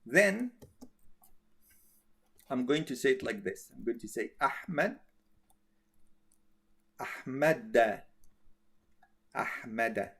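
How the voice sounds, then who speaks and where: A man teaching a grammar class, speaking slowly and repeating himself, often checking with "okay?". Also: medium pitch, expressive, gravelly, fairly bright tone, breathy edge. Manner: slow, repetitive, checks with "okay?".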